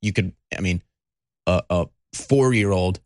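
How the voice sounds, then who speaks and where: A man's voice: low-pitched, unhurried, dry recording, studio quality. A man hosting a talk show, giving rambling, conversational political commentary and speaking straight to his audience.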